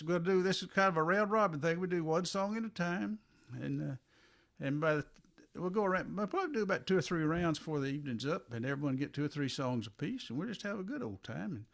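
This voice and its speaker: A man with a high voice that swings widely in pitch hosts an open mic over a video call. He talks in an easy, rambling way, full of fillers. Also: vocal fry. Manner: relaxed and rambling, with many fillers.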